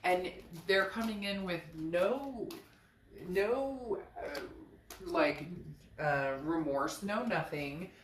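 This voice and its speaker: A woman giving a casual tarot reading, frank and animated, sometimes swearing and acting out what people might say. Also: very slow, reverberant, a little hiss or hum. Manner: animated, frank, swears, acts out quoted lines in a high voice. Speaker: tarot reader.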